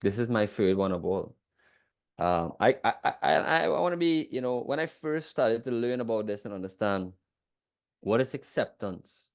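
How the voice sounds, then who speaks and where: A man co-teaching a class in a reflective way, turning lively when he recounts his own reactions. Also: fairly low pitch, normal speed. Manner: reflective, shifts into lively, incredulous retelling. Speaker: co-host. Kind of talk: teaching a masterclass.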